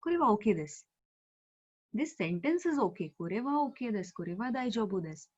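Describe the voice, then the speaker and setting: Brief: female teacher, patient and explanatory, mid-pitched, heard over a dull video call. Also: very animated, moderate pace. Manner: patient, explanatory, with frequent fillers. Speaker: Japanese language teacher. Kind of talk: online language class.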